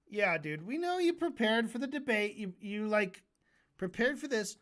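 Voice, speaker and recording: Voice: mid-range voice, animated, moderate pace, a bit bright. Profane ranting debate streamer. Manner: profane, mocking rant. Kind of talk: livestream debate reaction.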